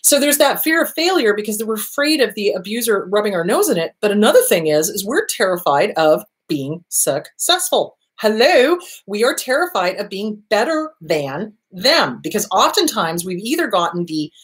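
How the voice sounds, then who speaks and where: A woman's voice: mid-range voice, very animated, moderate pace, few pauses. A woman hosting a talk show, giving casual therapy advice and acting out inner voices and quotes.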